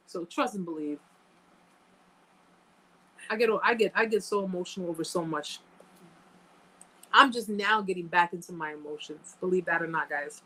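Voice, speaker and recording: A woman's voice: lowish voice, a bit bright, poor audio. A woman hosting a live chat, talking casually and emphatically to viewers, repeating phrases for effect and thanking them by name. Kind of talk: casual livestream talk to viewers.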